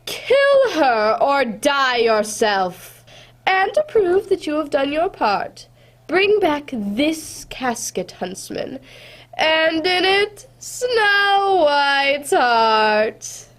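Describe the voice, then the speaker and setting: A woman's voice: high voice, very animated, extremely slow, fairly bright tone, heavily acted. A woman playing a jealous, cruel queen who gives menacing commands in a radio drama.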